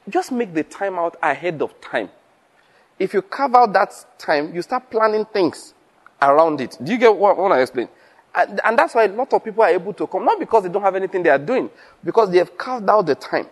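This preacher's voice is high and his speech fast as he addresses a room of pastors. Stories pour out with dialogue performed in character, and he laughs a lot.

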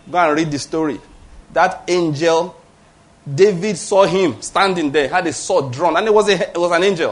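Nigerian male pastor, middle-aged, raised pitch, emphatic conversational sermon delivery. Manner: emphatic, conversational preaching with frequent check-ins to the congregation.

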